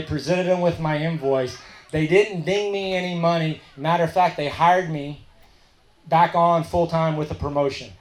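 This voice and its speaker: A middle-aged man, sharing his recovery story at a meeting and telling it as a story, dropping his voice low and soft when he quotes others. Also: normal speed, echoey room. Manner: storytelling, quoting others in a softer, lower voice.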